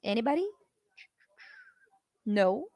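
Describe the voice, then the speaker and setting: Slow, chatty woman teaching English. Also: a little high, sing-song, a little mellow, dry recording. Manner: chatty, addresses viewers in the comments. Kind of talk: live-streamed language lesson.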